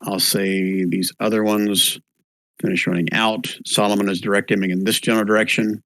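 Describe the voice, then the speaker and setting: A man narrating as game master for an online tabletop game, in a relaxed, low-key way with fillers. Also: normal speed, dry recording.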